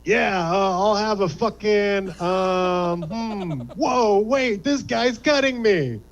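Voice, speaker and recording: A man voicing a crude, swearing fast-food customer who trips over his order. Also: high voice, dull audio, slight background noise. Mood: rude. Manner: crude, hesitant, then outraged. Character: rude cursing male customer.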